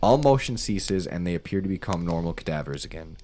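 Man co-host reading aloud, lively pitch, casual and foul-mouthed. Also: fairly quick, a little hiss or hum. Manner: swears freely, lively reading.

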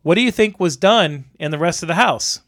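A man, an electrician, casually telling a work story on a podcast, animated and exasperated, swearing freely. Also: sits high, a little fast.

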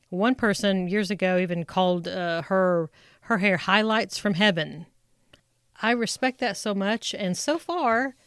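A middle-aged woman telling a personal story in a chatty, animated way, acting out her own thoughts aloud. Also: medium pitch, smooth, no echo, studio quality. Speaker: speaker sharing a personal story.

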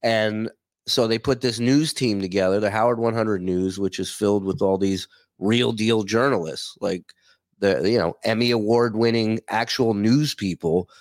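A man talking as a guest over a video call, relaxed and chatty with the odd curse. His voice is on the low side. The sound is dry, with no room echo. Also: normal speed. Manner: easygoing, chatty, swears casually. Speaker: guest, former radio show staffer. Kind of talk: casual chat.

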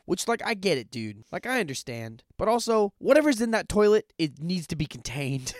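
Slightly high-voiced, blunt, cursing podcast guy. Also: very animated, moderate pace, no room sound, studio quality. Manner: blunt, casual, swears freely. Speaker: podcast co-host. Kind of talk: casual movie recap chat.

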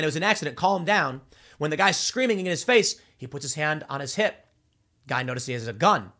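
Guy ranting on his commentary show, kinda high voice, rambly, tripping over his words. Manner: animated, rambling, many restarts. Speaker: political commentary host. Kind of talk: opinion commentary monologue.

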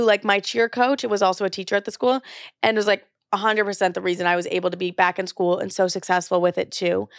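A woman's voice: medium pitch, no echo, studio quality. A young woman hosting a podcast, telling her own story in a candid, chatty way, swearing freely and acting out what people said to her. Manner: chatty, profane, animated quoting of others. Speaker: podcast host.

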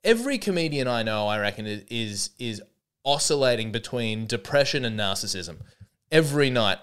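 A young man riffs through a solo comedy podcast, his voice swinging up and down with animated pitch. His tone is smooth and clear, and he talks in loose, self-mocking rambles that hop from one bit to the next. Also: normal speed. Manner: rambling, self-mocking, jumps between bits.

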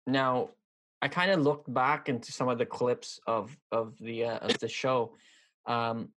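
A man's voice: medium pitch, fairly even intonation, unhurried, background noise. A man talking casually about a TV series, rambling and hesitant, with many fillers and restarts. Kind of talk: casual chat.

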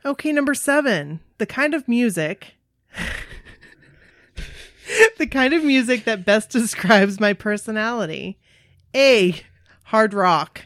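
A woman's voice: fairly high pitch, lively intonation, slow, pauses often, no echo, clean studio sound. A woman chatting casually, reading old quiz questions aloud and giggling often. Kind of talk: casual chat.

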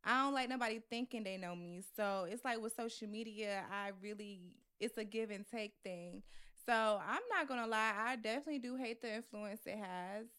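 A woman's voice: medium pitch, normal speed, fairly bright tone, smooth. A woman co-hosting a casual podcast, speaking frankly and asking questions. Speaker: podcast co-host.

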